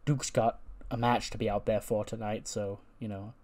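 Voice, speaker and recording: A man's voice: on the low side, flat delivery, moderate pace, darkish tone, close to an everyday voice. A man voicing a protective, suspicious male college wrestler who confronts rivals.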